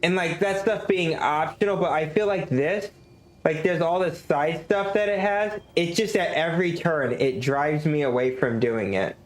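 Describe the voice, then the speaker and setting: A man's voice: a little high, normal speed. A man streaming a game, talking casually in a rambling way. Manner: rambling, many restarts and likes. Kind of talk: casual gameplay commentary. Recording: echoey room.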